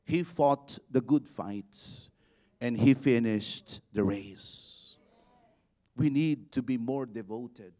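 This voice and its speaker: A man, a bishop preaching a sermon, building to shouted exhortations and leading the congregation in call-and-response. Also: medium pitch. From Philippines.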